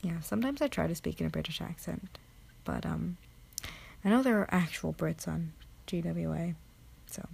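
A woman's voice: fairly low pitch, expressive, normal speed, vocal fry, pauses often, a little mellow, husky. A tired woman rambling late at night in a recorded audio answer, drifting into half-whispers, mocking herself and swearing casually. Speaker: amateur audio creator.

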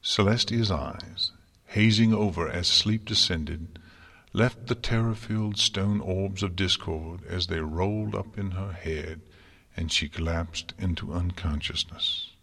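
Male storyteller, unhurried and husky, in a long hall-like echo. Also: deep voice, fairly bright tone. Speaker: narrator. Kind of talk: dramatic story reading.

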